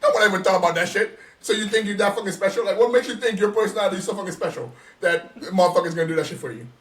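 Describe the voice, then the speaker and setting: A man holds forth on a casual podcast, animated and emphatic, swearing freely as he makes his point. His voice sits a little high for a man. He sounds a bit back from the microphone. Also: rapid-fire, distant mic. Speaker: podcast co-host.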